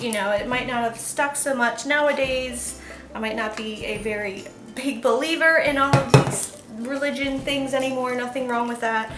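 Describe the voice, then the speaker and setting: A woman's voice: fairly high pitch, roomy sound, noisy background. A young adult woman telling a rambling story in a casual chat while making soap at home, with many restarts. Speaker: soap maker channel host.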